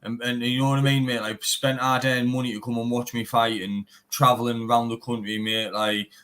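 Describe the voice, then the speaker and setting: A man's voice: mid-range voice, little pitch movement, fairly quick, fairly bright tone. Man, teesside accent, young adult, bare knuckle fighter, blunt, sweary, casual interview chat. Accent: Teesside English. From England. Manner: blunt, swears often, says "mate" constantly.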